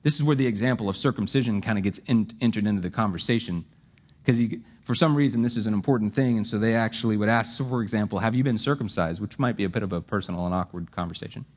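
A man's voice: fairly low pitch, fast talker, darkish tone, slightly rough. A man preaching a sermon, reading scripture and explaining it conversationally with joking asides. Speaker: pastor.

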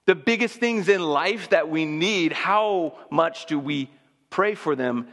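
A man's voice: a little high, expressive, slow pace, fairly bright tone, in a large hall. A man preaching a sermon in a conversational, emphatic way, building intensity as he makes his points. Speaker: pastor.

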